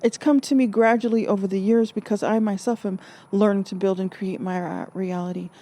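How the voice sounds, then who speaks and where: Woman speaker, earnest reflective monologue, warm mellow voice, mid pitch. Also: steady tone, a little fast. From Alaska. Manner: earnest, restarts and rephrases, acts out quoted voices. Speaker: spiritual speaker.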